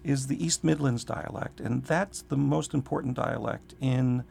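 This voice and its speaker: A middle-aged literature professor speaks at a medium pitch with vocal fry, a darkish tone and a slightly scratchy voice. In a conversational interview he's thoughtful and digressive, slowing down whenever he reads aloud.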